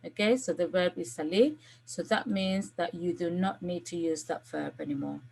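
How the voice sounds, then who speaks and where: A woman's voice: lowish voice, moderate pace, vocal fry, a little mellow, breathy edge. A woman language teacher recording a video lesson, giving patient step-by-step instructions and often checking in with "okay?". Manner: gives step-by-step classroom instructions.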